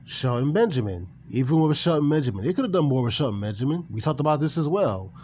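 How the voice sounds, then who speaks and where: A man's voice: on the high side, very animated, fast talker, darkish tone, a little hiss or hum. A man ranting casually and with animation about wrestling, swearing and repeating himself. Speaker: gaming and wrestling commentator. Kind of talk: casual opinion rant.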